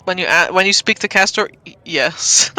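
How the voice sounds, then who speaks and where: A woman's voice: lowish voice, normal speed, sharp tone, faint music behind, low-quality recording. A woman acting as dungeon master, narrating a tabletop game in a playful, chatty way. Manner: playful and chatty, often laughing.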